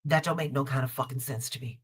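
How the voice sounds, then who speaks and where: A woman's voice: a bass voice, fairly even intonation, fast talker, breathy edge. A woman hosting a live tarot stream, talking bluntly and emphatically, with frequent swearing and repeated phrases. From Chicago. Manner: blunt, profane, emphatic storytelling. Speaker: host, tarot reader. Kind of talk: casual live-stream chat.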